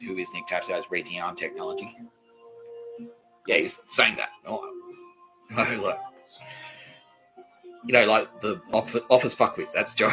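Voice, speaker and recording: A man's voice: low voice, measured pace, long pauses, muffled recording, music in the background. A man hosting a podcast, telling a profane comic story in a ranting voice and laughing at his own jokes. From Australia. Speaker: podcast host.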